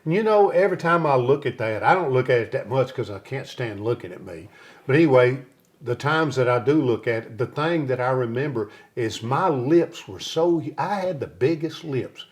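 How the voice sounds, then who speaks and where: A man, a guest on a talk show, telling stories in a relaxed and lively way. His voice sits in an ordinary middle pitch, and he slips into the voices of the people in his stories as he tells them. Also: moderate pace. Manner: lively storyteller who acts out other people's lines. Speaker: interview guest, singer. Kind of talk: storytelling in a casual interview.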